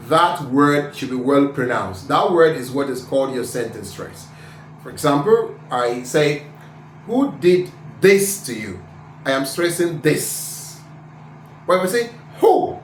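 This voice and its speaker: A Nigerian man coaching pronunciation for an exam, repeating words and spelling them out. His voice sits slightly high. The room rings with echo, and a faint hiss lies underneath. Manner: drills sounds by repeating words and spelling letters. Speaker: IELTS speaking tutor. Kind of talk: teaching pronunciation to camera.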